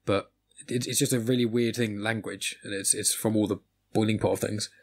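A man's voice: on the low side, fairly even intonation, fairly quick, husky. An English man hosting a podcast, chatting casually and rambling with frequent restarts. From England. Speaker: podcast host. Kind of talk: casual chat.

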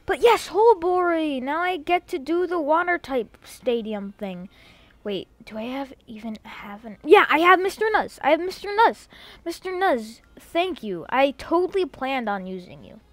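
Young woman gamer, casual commentary, high and excitable, loud outbursts, dry home mic. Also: normal speed, no room sound. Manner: excitable, loud outbursts, rambling self-talk. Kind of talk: casual let's-play commentary.

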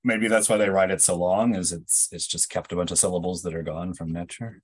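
A man with a very low, slightly husky voice joins in a casual study-group discussion. He asks questions and thinks aloud tentatively, and the sound is dry and close with little room echo. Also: flat delivery, brisk. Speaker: reading group participant.

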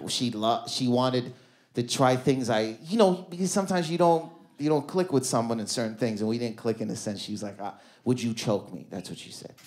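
On a comedy club stage, a Canadian-accented man does stand-up, telling stories with animation and acting out the voices of the people in them. His voice is medium-pitched.

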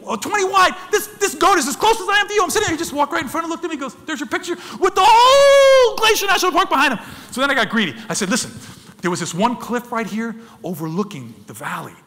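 A man's voice: very high-pitched, lively intonation, quick pace, pushed and bright. A man giving a wildlife photography talk, telling dramatic stories and acting out sounds and voices as he addresses the audience as folks. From United States. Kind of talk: lively storytelling presentation to an audience. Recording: long hall reverb.

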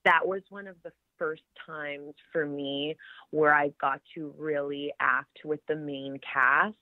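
A woman, an actress being interviewed, chatting in a lively way and laughing often. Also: sits low, slow pace, no room sound. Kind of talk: casual interview chat. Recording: tinny phone-like line, dry.

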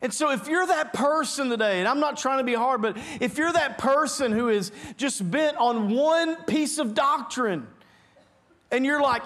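A male pastor with a notably high voice delivers an earnest sermon in a church sanctuary. He presses his points hard and often repeats a word as he restarts a phrase. His voice is carried by a mic for a livestream. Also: expressive, fairly bright tone. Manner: earnest, emphatic preaching with quick repeated restarts.

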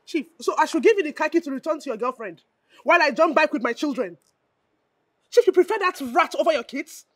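A defiant betrayed wife. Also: female voice, mid-range voice, big pitch swings, fast talker, hardly any pauses, breathy edge, dry recording. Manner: sharp, defiant retorts. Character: betrayed, furious wife and mother.

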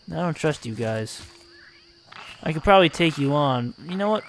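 A man giving excitable, exasperated gameplay commentary and laughing often as he plays. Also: fairly high pitch, normal speed, pauses often. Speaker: let's play host.

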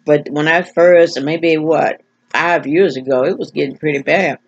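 An older woman speaks very slowly in a husky voice, working hard to get each word out and often stumbling or repeating herself as she searches for it. She talks to her camera in a frank, plain-spoken way. The recording is dull and lo-fi. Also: deep voice. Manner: slow, effortful speech with word-finding stumbles and repeats. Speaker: vlogger. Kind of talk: casual personal talk to camera.

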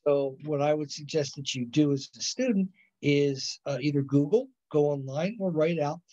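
A man gives a psychology lecture over a video call, and his voice sits a little high. He rambles, restarts his sentences and keeps tossing in "right?" as he goes. The audio is dull and lo-fi. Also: normal speed, warm tone. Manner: rambling, self-correcting, frequent "right?" and "you know". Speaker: college psychology instructor. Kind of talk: recorded online lecture.

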